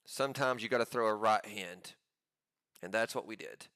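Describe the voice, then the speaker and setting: A man giving live commentary on his own trades, pumped up and talking in quick excited bursts. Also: lowish voice, no echo, studio quality. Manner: hyped, pumped-up chatter with sudden bursts.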